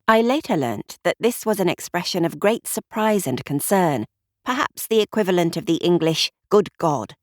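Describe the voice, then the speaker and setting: A woman reads a mystery audiobook aloud. Her voice sits a little low, but her intonation is very lively, and the recording is dry with no room sound. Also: moderate pace, no echo. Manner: expressive storytelling. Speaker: narrator. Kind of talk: audiobook narration.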